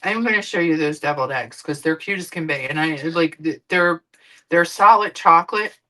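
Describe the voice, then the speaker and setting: A woman's voice: low voice, normal speed, sharp tone, poor audio. A woman streamer chatting casually while she cooks, rambling and swearing now and then. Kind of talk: casual chat while cooking.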